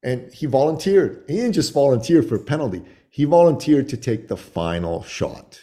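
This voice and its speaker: A man in his forties, a podcast guest, telling stories in a loose, animated way with lots of swearing. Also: mid-range voice, moderate pace. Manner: profane, animated storytelling. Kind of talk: casual podcast storytelling.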